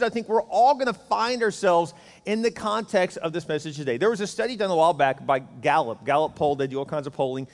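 A man pastor giving a conversational, joking sermon full of rhetorical questions. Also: fairly high pitch. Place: church sanctuary. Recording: church hall reverb.

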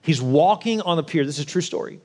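A man delivering a sermon in a slightly higher-pitched voice. He tells his story earnestly and presses his points home with emphasis. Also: animated, quick pace, darkish tone. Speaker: pastor.

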